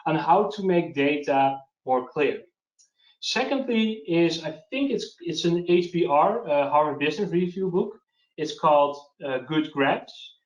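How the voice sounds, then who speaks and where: A man's voice: a little high, distant mic. A man presenting a webinar and answering questions in a casual, hesitant way, often restarting his sentences. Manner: hesitant, restarts, practical advice. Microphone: video call. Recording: lo-fi roomy web call.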